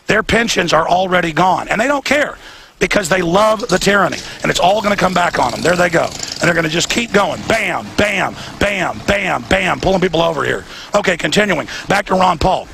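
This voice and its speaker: A male host ranting fervently on location outdoors. His voice sits high and heavily gravelly, hard-edged and forceful, with faint noise behind. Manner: fervent, rapid, repetitive ranting. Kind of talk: heated on-location commentary. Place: outdoors outside an event venue.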